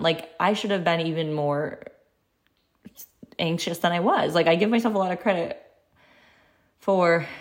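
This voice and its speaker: A woman in her thirties hosting a podcast, telling a personal story in a candid, chatty way with many fillers. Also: lowish voice. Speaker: podcast host.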